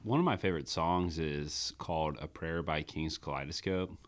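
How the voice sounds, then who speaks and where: A man's voice: extremely low pitch, normal speed. A man hosting a podcast, talking earnestly in casual faith-discussion chat, with many fillers and restarts. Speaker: podcast host.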